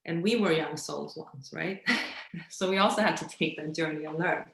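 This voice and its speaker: Low-voiced woman guest in an echoey room. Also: moderate pace, vocal fry, a little hiss or hum. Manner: searching for words, many fillers and restarts. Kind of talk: casual conversation.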